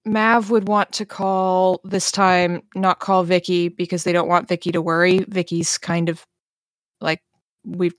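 A woman's voice: lowish voice, no room sound. A woman playing a tabletop game who laughs easily and explains her character's situation at length. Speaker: player. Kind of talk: casual tabletop game chat.

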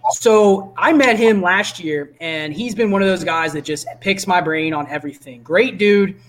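Easygoing high-voiced fantasy football guest. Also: male voice, normal speed. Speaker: podcast guest. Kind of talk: casual fantasy football chat.

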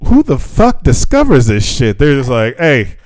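A male podcast co-host rants through a casual chat, swearing heavily and laughing often. His mid-range, slightly mellow voice swoops wildly in pitch at a moderate pace, captured in a dry recording.

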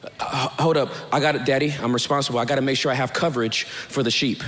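A man voicing a humble young male shepherd who softly and eagerly agrees to his father's every request. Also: mid-range voice, fairly even intonation, fast talker, long reverb tail, voice pushed down, lightly acted. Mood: meek, dutiful. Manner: soft, quiet, eager to please.

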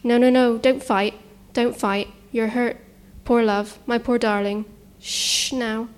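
A woman reading a story voices a wild, bearded hermit man who coos and hushes in a dry, cracked voice. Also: fairly high pitch, fairly even intonation, takes it slowly, smooth. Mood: cooing. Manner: soothing in a creepy way, hushing.

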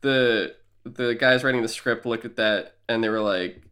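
A man co-hosting a podcast in a casual chat, laughing often and reacting quickly. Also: mid-range voice, a bit bright, smooth. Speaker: podcast co-host.

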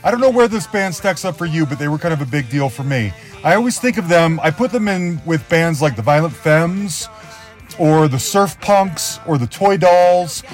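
A male podcast host with a slightly raised pitch opens the episode. He gushes like a fan, circling back over his own phrases. Music plays faintly beneath his voice. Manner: enthusiastic, fan-like, repeats himself. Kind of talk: scripted podcast intro.

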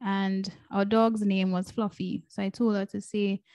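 A woman's voice: medium pitch, little pitch movement, unhurried, darkish tone, no room sound. A woman hosting a podcast as a breathwork coach, telling a personal story in an earnest, emotional way and repeating phrases for emphasis.

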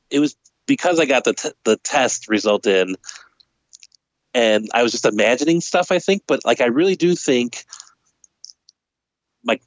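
Low-ish voiced guy on a podcast, chatty and animated, keeps restarting sentences, super dry close mic. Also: no room sound, low-quality recording. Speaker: podcast co-host. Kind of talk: casual podcast chat.

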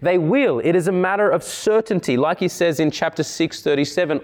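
Guy preaching a sermon, kinda high voice, very emphatic, keeps repeating himself for punch. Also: fairly quick, hardly any pauses. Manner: emphatic, repeats key phrases with rising and falling intensity.

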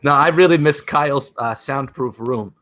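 A priest co-hosts a casual podcast and trades quips. He talks in a playful, easygoing manner at a mid-range pitch. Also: normal speed, a bit bright.

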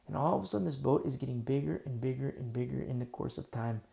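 A male pastor with a heavily gravelly, very mellow voice, preaching like he is telling a story. He talks casually, full of fillers, and slips into character voices to act out scenes. His delivery is informal, not polished. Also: medium pitch, fast, few pauses. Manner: vivid storytelling, conversational with many fillers; acts out dialogue of biblical scenes. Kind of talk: sermon.

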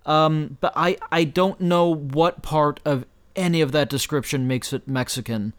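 A man's voice: a little high, clear, resonant tone. A man giving a casual spoken beer review, stumbling through restarts and fillers as he searches for words. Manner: halting, many restarts and fillers.

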